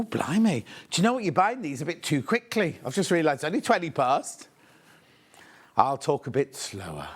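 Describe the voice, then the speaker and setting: Male shopping presenter, chatty and gushing, lively swooping pitch. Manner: chatty, gushing, thinks aloud while unpacking. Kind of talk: live sales presentation.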